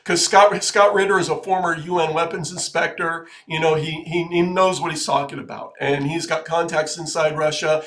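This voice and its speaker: A man hosting a video, giving casual political commentary in an earnest, halting way with many restarts that turns emphatic. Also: a little high, steady tone, a bit bright. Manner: grows emphatic and urgent. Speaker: video host.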